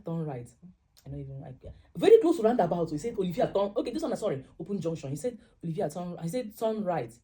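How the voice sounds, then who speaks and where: A young Nigerian-accented woman tells a story straight to her viewers, slipping into the voices of the people she quotes. Her voice sits low and sounds warm and mellow, never sharp. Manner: animated, acts out dialogue in quoted voices. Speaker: vlogger. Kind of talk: casual storytelling to camera.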